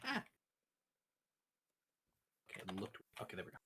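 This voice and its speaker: A man's voice: unhurried, bright, forceful tone, slight background noise. A man chatting casually on a live stream, laid-back, with short reactions. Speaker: friend learning lore on stream.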